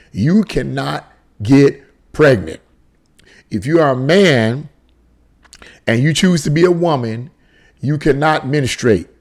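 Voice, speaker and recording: A man hosting a solo political commentary show, reading tweets aloud with exasperated, incredulous remarks and repeated phrases. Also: a little high.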